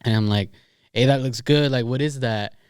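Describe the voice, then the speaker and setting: A young man co-hosting a podcast, telling a story in animated casual chat, swearing and laughing as he goes. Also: medium pitch, moderate pace, clean tone, no echo, studio quality. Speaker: podcast co-host.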